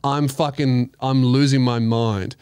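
A man's voice: mid-range voice, fairly even intonation, a little slow, darkish tone, clear, resonant tone, dry recording. A young Australian man hosting a podcast, telling a story in casual chat, swearing and acting out his own reactions. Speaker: podcast host.

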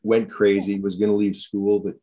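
A man chatting casually, earnest and halting, repeating himself as he talks. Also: lowish voice, little pitch movement, warm tone. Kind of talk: casual chat.

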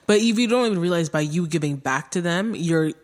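A podcast host with a mid-range pitch chats casually with a guest, asking questions and affirming each point. The host responds often with "yeah" and "mm-hmm" and keeps the tone easy and conversational. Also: expressive, fairly quick.

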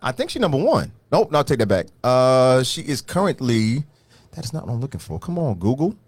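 A middle-aged man co-hosting a relaxed podcast, his voice rising and falling with real animation. He asks questions and laughs easily, and the recording is close and dry, with no room sound. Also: mid-range voice, a little fast, no echo. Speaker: podcast co-host. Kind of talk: casual chat.

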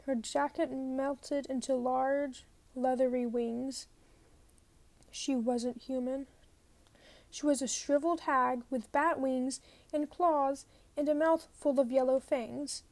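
A woman reading a novel aloud, telling it in a lively first-person way. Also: high-pitched, slow, no echo. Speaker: reader.

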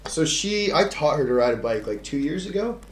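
A man from Australia telling an animated story in casual podcast chat, acting out voices and laughing often. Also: on the high side, a little fast. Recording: echoey room with faint noise.

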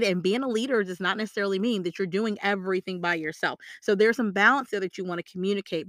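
A woman's voice: medium pitch, fairly bright tone, dry recording, clean studio sound. A woman coaching on salary negotiation in a motivational, emphatic way. She repeats her key points and keeps checking in with the listener. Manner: emphatic, repeats key phrases, frequent tag questions. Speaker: career coach.

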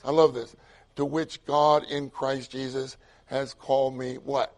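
An older man preaching a sermon, excitable and repetitive, swinging from loud emphatic lines to hushed asides. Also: mid-range voice, a little slow.

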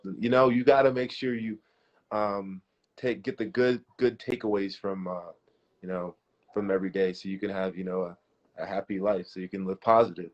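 A young man joins a livestream as a guest and talks in a hesitant way, full of fillers. His voice is fairly low and sounds slightly dull. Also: steady tone. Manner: halting, many fillers. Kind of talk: casual chat.

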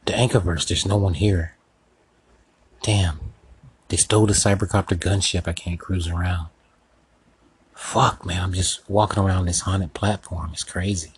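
Husky low-voiced man rambling to himself. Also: fairly even intonation, a little slow, pauses often, low-quality recording. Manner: rambling, swearing, talking to himself. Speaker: podcast host. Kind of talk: comedic solo sketch monologue.

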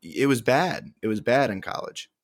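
A man's voice: mid-range voice, lively intonation, normal speed, dry recording, studio quality. A man in his twenties co-hosting a podcast, talking casually in a rambling, earnest way over a call. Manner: rambling, filler-heavy, earnest. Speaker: podcast co-host. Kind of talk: casual chat.

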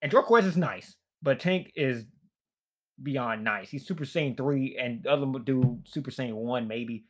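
A weary young man vents in a loose, profane rant, sighing and trailing off between bursts of frustration. His voice sits at an ordinary middle pitch, tired and worn down. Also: a little slow. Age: young adult. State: fatigued. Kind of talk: casual rant.

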